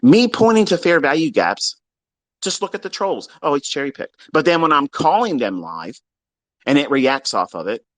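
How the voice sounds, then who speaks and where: This is a man in the middle of a profane, exasperated rant, scolding his trading students as he lectures them. His voice sits a little high and leaps all over the place. The recording is close and dry. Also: big pitch swings, moderate pace, dry recording. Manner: mocks listeners in put-on quotes. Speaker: trading educator. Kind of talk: ranting livestream lecture.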